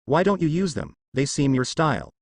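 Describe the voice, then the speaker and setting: A man's voice: a little high, lively intonation, fairly quick, dry recording, clean studio sound. A man voicing a brash young male ninja who talks bluntly and tough, in a fan story read aloud.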